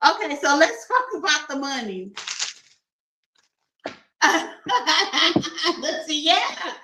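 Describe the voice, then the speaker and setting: A woman's voice: sits high, big pitch swings, drawn-out words, sharp tone, roomy sound, slight background noise, poor audio. A woman doing a casual tarot reading for her viewers, playful and laughing often as she talks to them like friends. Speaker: tarot reader.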